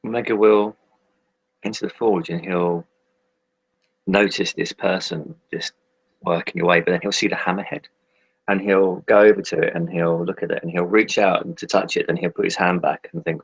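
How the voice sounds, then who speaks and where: Deep, gravelly-voiced man playing a tabletop game. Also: fairly even intonation, moderate pace, poor audio. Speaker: player. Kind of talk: describing his character's actions.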